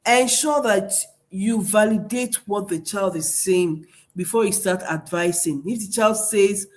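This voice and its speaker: A woman's voice: medium pitch, unhurried. A woman speaking earnestly to parents, giving advice on talking with their children. She repeats key phrases and keeps checking that her listeners understand.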